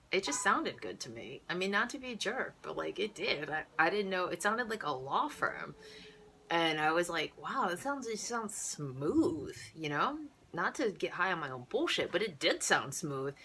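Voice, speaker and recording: Woman, 30s, casual storyteller, bright crisp voice, animated, rambling, laughs a lot. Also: lowish voice, unhurried, a little hiss or hum. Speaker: vlogger telling a story.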